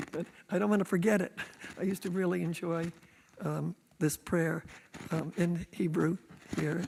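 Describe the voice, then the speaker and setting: Hoarse guy leading prayers in a big sanctuary, raspy and gravelly, echo hangs around. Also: on the high side, warm tone. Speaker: service leader. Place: synagogue sanctuary.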